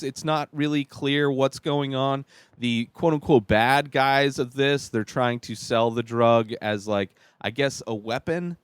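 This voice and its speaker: A man hosting a podcast, giving a rambling, halting and exasperated movie review with many restarts. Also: mid-range voice, clean tone, no echo, clean studio sound. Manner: exasperated, critical. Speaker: podcast host reviewing a film. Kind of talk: casual spoken movie review.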